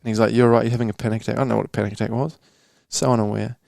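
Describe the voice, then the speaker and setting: A man's voice: fairly low pitch, level tone, racing, creaky, darkish tone, no echo, clean studio sound. A young man from New Zealand telling a candid personal story on a casual podcast, slangy and swearing, calling the host bro. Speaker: podcast guest.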